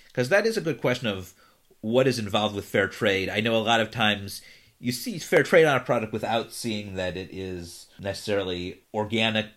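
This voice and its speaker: Lower-voiced male podcast host. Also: fairly bright tone. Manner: affirming, long-winded questions. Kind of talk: podcast interview.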